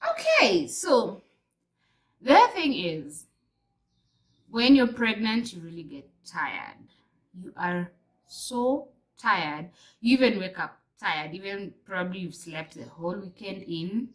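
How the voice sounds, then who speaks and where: A young woman with a Kenyan accent chatting to camera in a casual vlog, telling stories in an animated way and slipping between English and Swahili. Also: medium pitch, slow, rough recording. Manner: animated storyteller, mixes in fillers. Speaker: vlogger.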